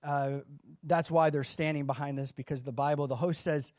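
A man's voice: on the high side, fairly even intonation, brisk, darkish tone, no room sound, clean studio sound. A man preaching a sermon in a conversational way, reading scripture and adding casual asides. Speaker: pastor.

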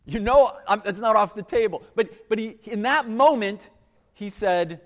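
A man's voice: high voice, measured pace. A man preaching a sermon, retelling a story in a casual, conversational way and slipping into quoted voices. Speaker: pastor. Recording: echoey hall with long reverb.

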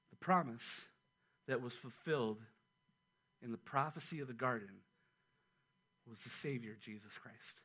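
A man preaching a sermon as pastor, animated and conversational, with quick asides to his church. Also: medium pitch, breathy edge. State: a little out of breath.

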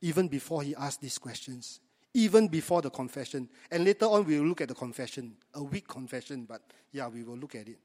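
With a dark, expressive, medium-pitched voice and a fairly quick delivery, a pastor preaches conversationally, often asking his congregation rhetorical questions. A long reverb tail trails his words.

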